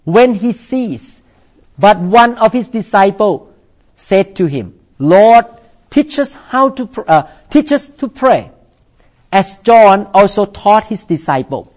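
Slow-preaching man, dull lo-fi sound. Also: sits high, sing-song, a little mellow. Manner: slow deliberate preaching, repeats for emphasis. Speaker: pastor. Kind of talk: sermon.

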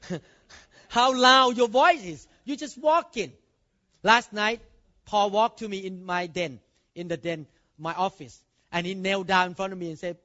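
A man's voice: high-pitched, a bit bright. A male pastor preaching a sermon emphatically, calling out amen and quizzing the congregation. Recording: dull lo-fi recording.

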